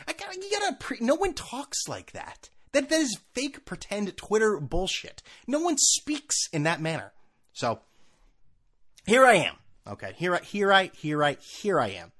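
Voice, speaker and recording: A man's voice: big pitch swings, moderate pace, a bit bright. Rambling sarcastic man in his thirties. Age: 30s. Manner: sarcastic, rambling, mimics people in high mocking voices. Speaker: podcast host. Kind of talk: solo podcast monologue. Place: California.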